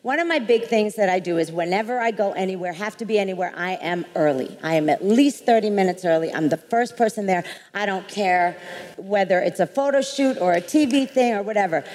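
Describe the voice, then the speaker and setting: A woman on a live panel, a makeup artist telling an anecdote in an animated, laughing way. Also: mid-range voice, fairly quick. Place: large event hall with audience. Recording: echoey hall, light background noise.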